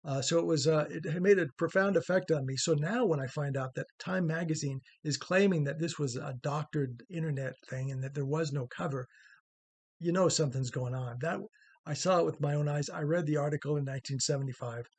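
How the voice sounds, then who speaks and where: A middle-aged man hosting a spoken commentary, his voice husky and a touch higher than most men's. He rambles conversationally, restarting phrases and leaning on fillers, earnest throughout. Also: a little fast, a little mellow. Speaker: host. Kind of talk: opinion commentary monologue.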